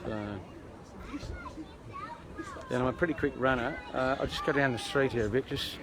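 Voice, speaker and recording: An Australian man livestreams from an urban street at a protest, rambling casually to his viewers and tossing in jokey asides. His voice is medium-pitched at normal speed, and the outdoor recording is noisy with street sound.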